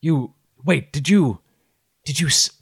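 A man's voice: fairly low pitch, breathy edge, no room sound, studio quality. A man voicing a wary, weary villager who calls out from behind a door, stammering and repeating himself. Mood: suspicious. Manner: loud, halting, stammering.

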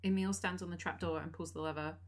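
A woman co-hosting a podcast, calmly recapping a musical's plot. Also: fairly low pitch, fast. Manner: steady, recapping the story. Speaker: podcast co-host.

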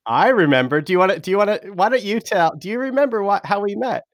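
A British man hosting a podcast interview, chatty and animated, laughing easily as he introduces his guest. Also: sits high, quick pace, no room sound, clean studio sound. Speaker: podcast host.

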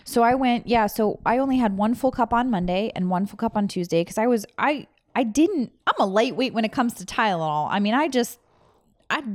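This woman, once a veterinarian, speaks animatedly and fairly quickly as she earnestly retells a deeply emotional experience of her own in casual chat. She rambles and keeps restarting, and there's no echo.

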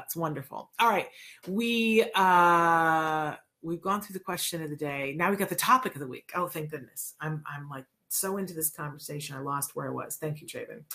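Casual host: a woman with a lowish voice who chats and rambles with her audience. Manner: chatty, rambling, warm asides and self-corrections. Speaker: show host. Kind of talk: casual radio talk show chat.

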